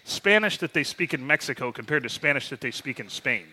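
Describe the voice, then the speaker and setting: A man's voice: mid-range voice, lively intonation, a little fast, bright, forceful tone. A man in his forties, a podcast co-host, telling rambling, joking stories and swearing casually. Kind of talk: casual chat.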